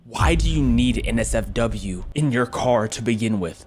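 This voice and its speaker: A man's voice: animated, moderate pace, few pauses, slightly rough, faint music behind. A man hosting a reaction video, commenting with incredulous jokes. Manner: incredulous, joking, swooping pitch.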